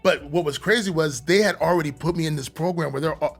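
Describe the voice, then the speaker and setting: A man in his fifties from Atlanta, a podcast guest telling a story in a casual, animated way, laughing and swearing often. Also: fairly high pitch, quick pace, faint music behind. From Atlanta, USA. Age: 50s.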